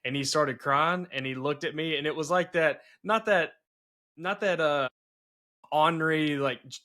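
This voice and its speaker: A man's voice: fairly high pitch, fairly even intonation, moderate pace, sharp tone. A man hosting a podcast and telling family stories earnestly, with many restarts. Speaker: podcast host. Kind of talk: casual conversation.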